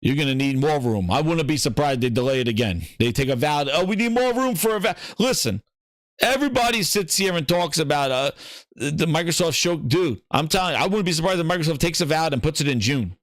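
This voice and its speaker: A man's voice: fairly high pitch, fast talker, no echo. Casting: male podcast host, heated gaming rant, dry close sound. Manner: ranting, animated, repeats himself. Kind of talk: casual gaming commentary.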